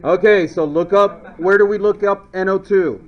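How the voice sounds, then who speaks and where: A male chemistry teacher lecturing a class in a playful way, now and then shouting silly memory phrases. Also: sits high, fairly even intonation, moderate pace. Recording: dull lo-fi classroom recording.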